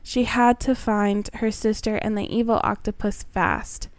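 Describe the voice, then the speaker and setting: A woman's voice: mid-range voice, a little slow, no room sound. Woman reading a children's story.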